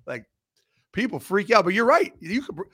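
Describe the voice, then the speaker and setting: A man co-hosting a casual sports talk show, blunt and profane, giving animated opinions. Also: sits high, moderate pace, slightly rough.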